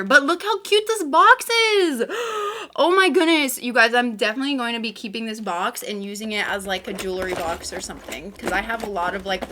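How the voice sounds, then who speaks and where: A woman hosting a nail unboxing vlog, gushing and excitable, talking casually with gasps and plenty of "like". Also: mid-range voice, slight background noise. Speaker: nail vlogger.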